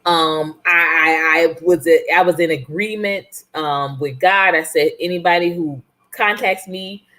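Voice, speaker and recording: A woman with a fairly low voice chats casually beside her partner on a couples show. She talks with frequent ums and restarts, reflective and unhurried. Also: sharp tone. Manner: hesitant, many fillers and restarts.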